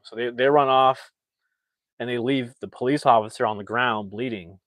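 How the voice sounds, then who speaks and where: A man casually recapping a movie plot, talking excitably and restarting his sentences often. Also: medium pitch, normal speed, no room sound. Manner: rambling, excitable, frequent restarts and "like". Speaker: movie reviewer.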